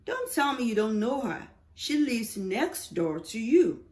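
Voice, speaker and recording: A woman's voice: a little high, very animated, measured pace, darkish tone, pitched above the performer's own voice. Woman reading as a nosy, chatty old neighbor man. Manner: friendly, rambling, teasing.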